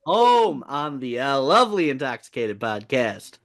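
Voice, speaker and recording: A man's voice: fairly high pitch, animated, unhurried. A man joining a comedic podcast, boastful and playful. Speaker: podcast regular.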